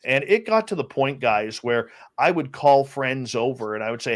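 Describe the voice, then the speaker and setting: A man in an interview chat tells a personal story with animated energy. His voice sits at a middling pitch, and he often stumbles and restarts his sentences. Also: normal speed, few pauses. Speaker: interview guest, radio host.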